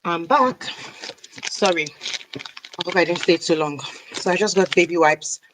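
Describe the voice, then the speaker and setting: A woman's voice: on the low side, a little slow, noisy background. A woman chatting casually on a live stream, rambling and snacking as she talks. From Nigeria (South South). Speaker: hair care vlogger. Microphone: camera mic on a live stream.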